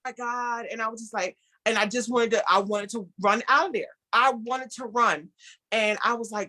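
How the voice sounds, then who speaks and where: Woman telling her story with animated quotes. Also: on the high side, normal speed. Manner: speaks of herself as an introvert. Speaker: guest, clothing designer. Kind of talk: storytelling interview talk.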